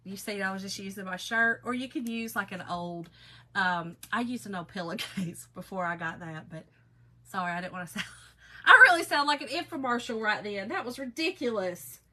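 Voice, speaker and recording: A woman's voice: mid-range voice, moderate pace, pushed and bright, rough recording. A middle-aged woman, hosting a casual craft livestream in a folksy, chatty way and greeting viewers by name.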